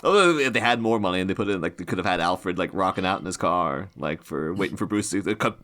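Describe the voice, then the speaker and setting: A man hosting a podcast in relaxed conversation. His pitch swings widely as he talks. He laughs often and slips into quick impressions of what people say. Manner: laughs often, acts out lines. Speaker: podcast host. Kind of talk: casual chat.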